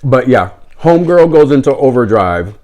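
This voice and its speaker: A man telling a story in a casual, wry way, with sarcastic, deadpan asides. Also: mid-range voice, normal speed. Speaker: vlogger.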